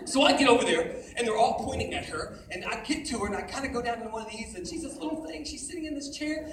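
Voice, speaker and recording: A man telling a comic story to a live audience as a youth event speaker, loud and animated, acting out laughs and voices. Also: very high-pitched, fast, background noise. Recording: echoey hall, distant mic, loud crowd.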